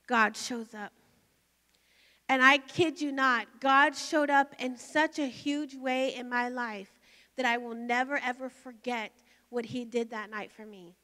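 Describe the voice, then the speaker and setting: A woman's voice: sits high, pushed and bright. A middle-aged woman pastor telling a testimony in a sermon, emotional and storytelling with rising intensity. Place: large hall at a conference. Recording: long hall reverb.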